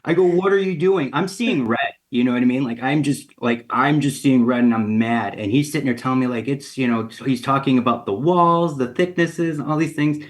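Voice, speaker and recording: A man's voice: mid-range voice, fairly quick, few pauses. A man, a ceramic artist and guest on a radio interview, telling a casual story, acting out the lines of the people in it, with plenty of fillers. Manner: casual and animated, acts out quoted dialogue, many fillers.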